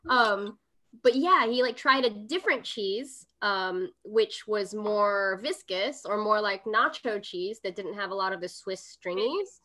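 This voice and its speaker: A woman's voice: medium pitch, a little slow, bright, forceful tone. A woman co-hosting a casual cooking livestream, chatty and explaining food science between laughs. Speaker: co-host. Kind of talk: casual chat on a cooking stream. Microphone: webcam stream setup.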